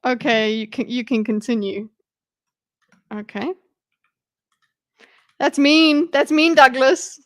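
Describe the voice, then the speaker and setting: A woman's voice: high-pitched, takes it slowly, pauses often, no room sound. A woman streaming live commentary on a debate video, chatty and giggly, talking back to the clip.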